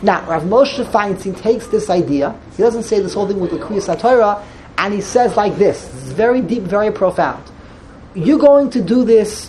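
Woman giving a torah class, gets worked up, stumbles and restarts a lot, hebrew and yiddish terms everywhere, faint noise behind. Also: mid-range voice. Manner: animated, jumps into dramatized dialogue with Hebrew and Yiddish terms; frequent restarts and stammers when excited. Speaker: Torah teacher. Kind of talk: Torah lecture.

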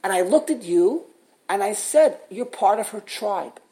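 A woman voicing a calm female public school teacher who explains matter-of-factly why she trusted someone. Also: mid-range voice, measured pace. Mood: explaining.

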